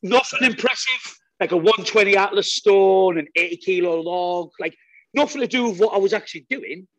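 Man, podcast guest, energetic and sweary, fairly high voice, dry sound. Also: normal speed, no room sound, lo-fi sound. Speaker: guest strongman athlete. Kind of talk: casual podcast chat.

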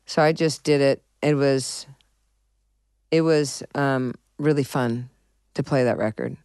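Animated, profane woman telling stories. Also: a bass voice, slow pace, smooth, no room sound, clean studio sound. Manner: animated, profane, acts out conversations. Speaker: musician guest. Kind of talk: candid storytelling in an interview.

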